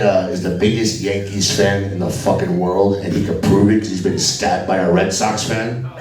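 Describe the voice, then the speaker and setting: A man from Alabama doing a crude, profane stand-up comedy set on a club stage. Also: low-pitched. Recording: echoey club from a distance with crowd laughter.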